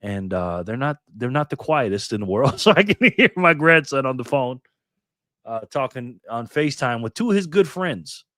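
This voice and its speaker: An older man hosting a casual live stream, loudly greeting viewers by name and muttering to himself while he fiddles with his phone. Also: mid-range voice, sing-song, normal speed, no room sound, studio quality. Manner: loud upbeat shout-outs, drops to mutters while fiddling with phone.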